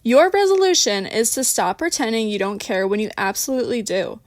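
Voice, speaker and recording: A woman's voice: fairly high pitch, sing-song, brisk, no echo, clean studio sound. A woman voicing a bossy, theatrical woman who runs the group game. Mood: commanding. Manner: theatrical, commanding. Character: bossy, warm ringleader woman.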